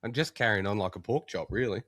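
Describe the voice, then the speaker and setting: A man's voice: fairly low pitch, fast, a bit bright, dry recording, clean studio sound. An Australian man co-hosting a podcast, sick and coughing, joking and laughing through casual banter. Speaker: podcast co-host. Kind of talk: casual chat.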